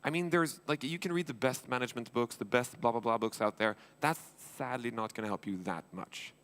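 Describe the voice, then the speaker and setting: Male entrepreneur, gravelly, blunt, casual onstage speaker. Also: mid-range voice, brisk, fairly bright tone. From Sweden. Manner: blunt, informal, acts out dialogues, swears. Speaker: entrepreneur and angel investor. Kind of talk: conference stage talk. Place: conference stage.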